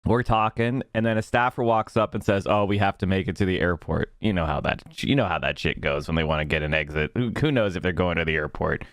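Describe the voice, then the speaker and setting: A man's voice: sits low, fast, few pauses, no echo, clean studio sound. A man telling a story to his chat in a casual, profane way, acting out what others said. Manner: swearing, animated, acts out quotes.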